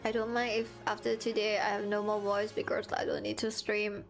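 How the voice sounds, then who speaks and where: A woman streaming from home, chatting casually and giving earnest, encouraging advice. Her throat sounds sore and strained, and her English is halting with non-native phrasing. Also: mid-range voice, level tone, soft background music. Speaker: VTuber streamer.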